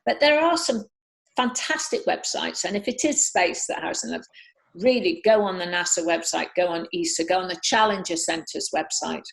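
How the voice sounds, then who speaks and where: A woman in her fifties from Britain, chatty and quick to laugh, answering questions in a casual video chat. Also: on the low side, gravelly. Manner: chatty, laughs often, many fillers. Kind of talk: casual Q&A over video call.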